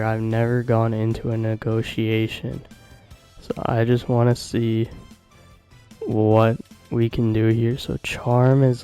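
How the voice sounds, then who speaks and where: A man commenting on a video game in a casual, slangy way, chatting straight to his viewers and getting excited easily. His voice is smooth and clean, though his pitch stays fairly flat. Faint music plays underneath. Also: low-quality recording. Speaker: gaming video host.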